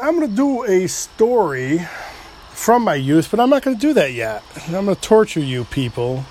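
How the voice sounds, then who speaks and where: A middle-aged man with an upstate New York accent hosts a loose, rambling solo podcast, a bit tipsy after a few drinks, swearing and poking fun at himself. His voice sits on the high side, with slight background noise.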